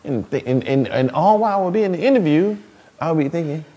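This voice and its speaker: A man in his thirties, a stay-at-home dad as an interview guest, telling stories in a lively way with frequent laughs and repeated words. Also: on the high side, fast. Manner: animated storytelling, laughs often, repeats words. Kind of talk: casual interview talk.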